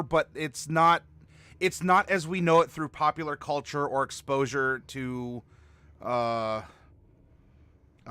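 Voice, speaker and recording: A man's voice: on the high side, sharp tone. A man hosting a casual discussion, talking in a conversational way and thinking aloud. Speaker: host.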